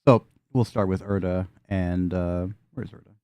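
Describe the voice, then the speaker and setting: Male game master, relaxed low voice, casual and jokey, dry close mic. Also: moderate pace, smooth, dry recording. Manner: casual, joking, with frequent fillers. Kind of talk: narrating a tabletop game.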